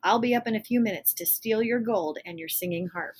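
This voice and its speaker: A woman voicing a boastful, cocky young boy hero from a fairy tale, talking bossily and fast. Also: medium pitch, pitched above the performer's own voice, natural voice.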